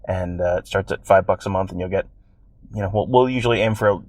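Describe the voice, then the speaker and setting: A man with a somewhat low voice co-hosts a sports podcast in loose, rambling conversation. He slips in wry, self-mocking jokes as he talks. The sound is dry and close, with no room around it. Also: fast talker, a little mellow, dry recording. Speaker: podcast co-host. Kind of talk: casual sports chat.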